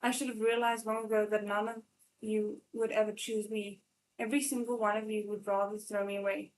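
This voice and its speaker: A woman's voice: mid-range voice, flat delivery, brisk, natural voice, poor audio. A woman reading a novel aloud, voicing a tearful young male disciple who pleads in a quivering, cracking voice. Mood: hurt. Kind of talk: live read-aloud of a novel.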